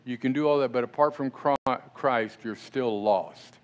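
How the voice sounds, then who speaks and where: In a church sanctuary, a middle-aged male pastor delivers a sermon at a moderate pace and medium pitch. He speaks conversationally and frequently poses questions to the congregation.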